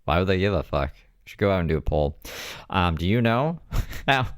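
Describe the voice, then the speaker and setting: A man's voice: sits low, lively intonation, brisk, no room sound, clean studio sound. A man hosting a commentary show, reacting to a stream with sarcastic, mocking, profane remarks. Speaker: commentary host.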